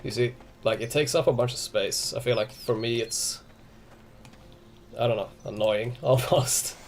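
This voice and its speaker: A man's voice: medium pitch, a little slow, a little hiss or hum. A young man chatting casually on a live stream, rambling with many restarts and fillers and swearing freely.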